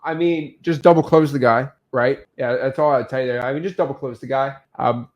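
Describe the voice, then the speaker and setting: A man hosting a casual livestream, answering viewer questions and telling stories in an upbeat, animated way. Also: medium pitch, fairly quick.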